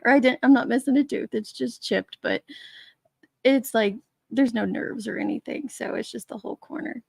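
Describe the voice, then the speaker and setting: A woman's voice: a little high, normal speed, vocal fry, a little mellow, slightly rough, dry recording, studio quality. A woman hosting a casual live stream, chatting and laughing as she greets viewers by name from her basement man cave. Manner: chatty, laughing often, greeting chat names. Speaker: livestream host.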